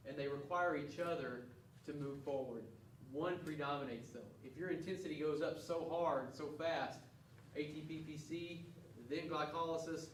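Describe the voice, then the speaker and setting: A man with a slightly high voice teaches a class, earnestly reviewing test questions and often restarting his words. The recording comes from a distant mic in an echoey classroom and has a little hiss or hum.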